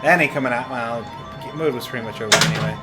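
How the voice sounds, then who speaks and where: A man's voice: mid-range voice, very fast. A man co-hosting a pinball stream, chatting casually and explaining the machine step by step. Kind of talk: casual chat and game explanation. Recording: loud music playing behind the voice. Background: loud background music.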